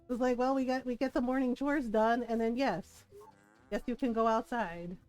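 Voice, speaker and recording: Giggly woman streamer chatting slowly. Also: a little high, a little mellow, soft background music. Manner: giggly, laughs often between rambling remarks. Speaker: game streamer. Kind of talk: casual chat while playing a video game.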